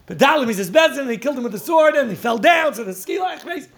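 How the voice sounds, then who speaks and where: Guy giving a torah talk, high voice w/ lots of gravel, really into the story, laughs a lot. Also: fast, shouting, a little hiss or hum. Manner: animated storytelling, laughing often, mixing Yiddish and Hebrew terms. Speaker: Torah teacher.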